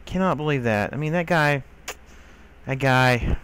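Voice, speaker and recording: A man's voice: mid-range voice, measured pace, pauses often, a bit bright, faint music behind. A man giving let's play commentary, exasperated and scolding the characters in his game. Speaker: gamer.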